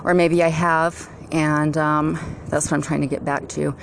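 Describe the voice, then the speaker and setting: A woman talking to camera at home in a meandering way, with drawn-out words and many fillers. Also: low voice, flat delivery, vocal fry, slight background noise. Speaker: vlogger. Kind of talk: rambling casual monologue. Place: at home, walking into her garage with dogs barking nearby.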